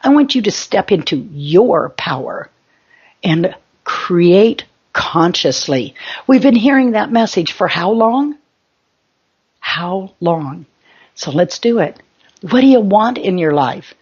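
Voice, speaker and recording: Husky woman giving a spiritual pep talk. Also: on the low side, animated, takes it slowly, a little mellow, lo-fi sound. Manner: emphatic, exhorting, with short commands. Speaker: spiritual teacher.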